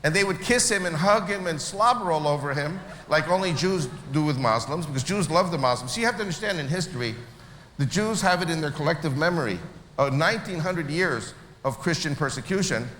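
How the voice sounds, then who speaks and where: A man from Israel telling a story to an audience, animated and acting out the people he quotes. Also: on the high side, brisk. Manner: animated, acts out quoted voices. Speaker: speaker at a church meeting. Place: large hall. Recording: echoey hall with faint noise.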